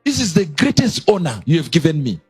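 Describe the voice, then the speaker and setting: A man preaching with a husky, lively voice that leaps up in sudden exclamations and sinks low again. The sound is dry and close, with soft music playing underneath. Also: a little fast, no room sound. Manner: animated, sudden high exclamations and drops. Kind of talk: sermon.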